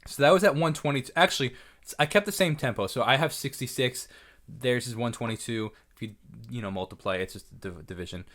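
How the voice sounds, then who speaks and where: Excited man breaking down his track. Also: medium pitch. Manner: excitable, talks fast in bursts, corrects himself mid-sentence. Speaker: music producer. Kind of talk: casual track-by-track production breakdown. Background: faint music from his session playback.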